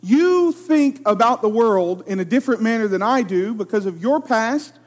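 A man's voice: high voice, expressive, normal speed. A man in his late twenties preaching a sermon, telling a personal story with emphatic, self-deprecating delivery. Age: 20s. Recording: long hall reverb.

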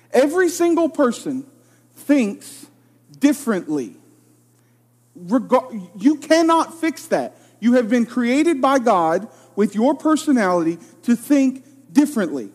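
A man's voice: sits high, animated, moderate pace, darkish tone. A man in his late twenties preaching a sermon, telling a personal story with emphatic, self-deprecating delivery. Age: 20s. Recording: long hall reverb.

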